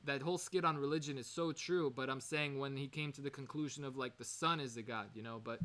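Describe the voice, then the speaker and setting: Bright-voiced man teaching a casual lesson. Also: medium pitch, fairly even intonation, brisk. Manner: digressive, with many fillers and self-corrections; mixes Hebrew terms into English explanations. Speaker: Torah teacher. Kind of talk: informal recorded lesson.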